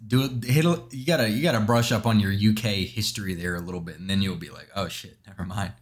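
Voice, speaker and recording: A man's voice: on the low side, fast. A young man hosting a casual podcast, swearing freely and explaining things at length. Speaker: podcast host. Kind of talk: casual chat.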